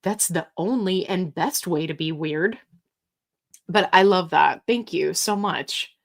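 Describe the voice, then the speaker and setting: A woman's voice: fairly low pitch, takes it slowly. A woman hosting a casual live stream, chatting and reading viewer comments aloud in an upbeat, talkative way. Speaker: livestream host answering viewer questions.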